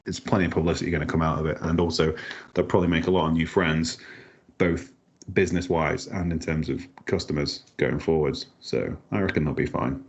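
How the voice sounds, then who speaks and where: Deep husky man chatting. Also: steady tone, fairly quick. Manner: joking, rambling, laughs often. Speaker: podcast co-host. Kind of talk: casual chat. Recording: slightly dull lo-fi sound.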